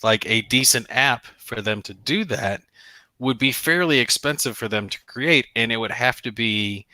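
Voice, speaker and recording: A man's voice: medium pitch, moderate pace, pushed and bright, dry recording. A man with a Southern US accent co-hosting a casual chat, blunt and joking. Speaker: co-host.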